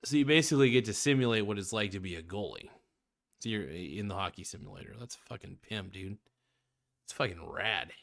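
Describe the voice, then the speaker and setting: A man's voice: fairly low pitch, animated, fast, creaky. A man hosting a casual reaction video, talking in a laid-back, slangy way with plenty of swearing while he snacks on crackers.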